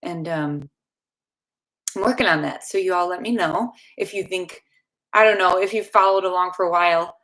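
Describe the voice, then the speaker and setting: A woman's voice: fairly low pitch, moderate pace, a bit bright. A young woman from the Chicago area with a Chicago accent, chatting casually and rambling with restarts as she hosts a livestream Q&A. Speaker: dental hygiene channel host. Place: home room with space heater.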